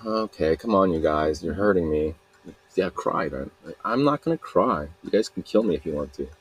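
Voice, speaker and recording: A man's voice: low voice, animated, normal speed, slight background noise. A young man from Utah rambling through a solo podcast monologue, self-mocking and trailing off mid-sentence. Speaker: podcast host.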